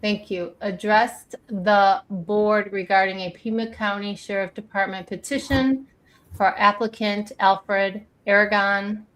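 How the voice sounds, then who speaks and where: A woman's voice: mid-range voice, steady tone, unhurried, a bit bright. A woman hosting a casual livestream, chatting with guests, laughing often and reading documents aloud. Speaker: livestream host.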